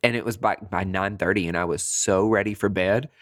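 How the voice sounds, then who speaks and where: A man hosting a podcast on his own, telling a story casually and with animation, swearing freely and jumping up in pitch to make a point. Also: moderate pace, no echo, clean studio sound. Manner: animated, chatty, swears freely, jumps high in pitch for emphasis. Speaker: podcast host.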